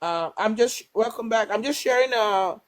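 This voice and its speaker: A woman's voice: a little high, normal speed, low-quality recording. A woman hosts a casual livestream and tells her viewers a story she heard. She rambles, restarts her sentences and fills the gaps with small fillers. Now and then she acts out what the people in the story said. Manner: acts out quoted dialogue. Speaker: livestream host.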